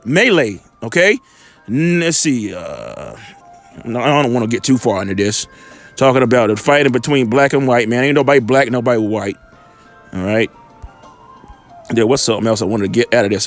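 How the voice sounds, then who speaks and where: A man's voice: a little high, a bit bright, dry recording. A man giving an informal scripture lesson in a rambling way, often checking in with his listeners and making blunt, profane asides. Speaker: bible teacher. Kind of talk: informal scripture teaching and commentary.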